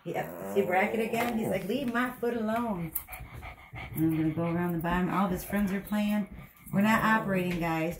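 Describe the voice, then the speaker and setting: A woman dog groomer giving a hands-on grooming tutorial, chatty and reassuring, talking to the dog as she explains. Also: fairly low pitch. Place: grooming room, indoors. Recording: echoey room with faint background noise.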